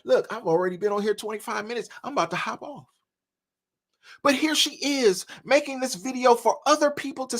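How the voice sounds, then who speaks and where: A man's voice: sits high, a bit bright. Male live-stream host, casual reaction commentary with a preachy streak. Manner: conversational, preachy asides, laughs between points.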